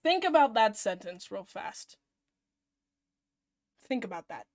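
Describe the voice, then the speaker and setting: A woman streamer chatting to her viewers as she reacts to a video, excitable and rambling. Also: medium pitch, slow. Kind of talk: casual live-stream reaction.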